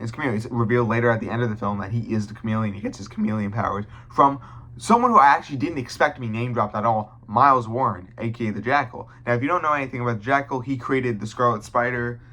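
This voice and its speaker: A man's voice: medium pitch, bright, forceful tone. A young man giving a casual film review to his viewers, blunt and profane, often restarting his sentences.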